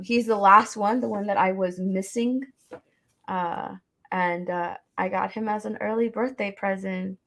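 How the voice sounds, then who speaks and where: A woman co-hosting a casual livestream, chatting in an animated, enthusiastic way. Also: medium pitch. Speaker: co-host.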